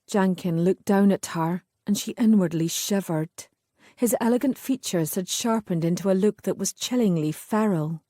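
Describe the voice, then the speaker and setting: In studio-quality audio with no room sound, a woman reads a historical romance audiobook from a script. Her mid-range voice tells the story in a measured, even manner.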